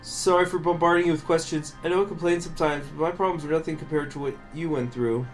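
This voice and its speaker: A man voicing a curious, apologetic teenage son while reading game dialogue aloud, with earnest, rapid questioning. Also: on the high side, steady tone, faint music behind, pitched above the performer's own voice, close to an everyday voice.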